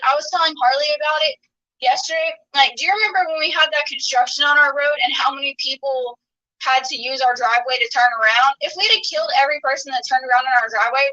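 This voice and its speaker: A woman's voice: high voice, bright, forceful tone. Young woman on a dull, distant phone line. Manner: chatty, with frequent "like". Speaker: guest on the phone. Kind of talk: casual chat.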